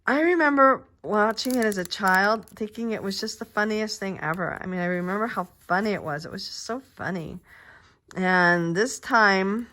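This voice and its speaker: A woman's voice: fairly low pitch, a little hiss or hum. An older woman chatting in a meandering way while she crafts at home, with lots of fillers and restarts. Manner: soft-spoken, drops to murmurs while working. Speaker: crafting vlogger. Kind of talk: casual chat while crafting. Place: quiet home craft space.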